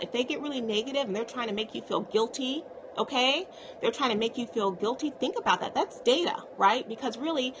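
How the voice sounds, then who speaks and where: A woman's voice: mid-range voice, a bit bright, a little hiss or hum. A woman psychiatrist talking casually to viewers on a live stream, reassuring and often checking in with "okay?".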